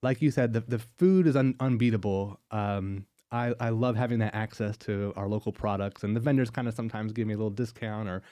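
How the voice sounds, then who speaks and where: A man's voice: lowish voice, a little fast, few pauses, mellow, no room sound, clean studio sound. A man, the farmers market manager, talking in an easygoing, plain way as a guest on a podcast. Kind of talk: casual interview chat.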